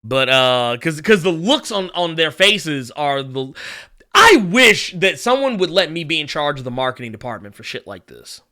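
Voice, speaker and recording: A man's voice: fairly high pitch, normal speed. A man hosting a casual pop culture show, swearing freely, laughing often and joking around. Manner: animated, swears freely, laughs often, does mocking voices. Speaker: podcast host. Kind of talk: casual chat.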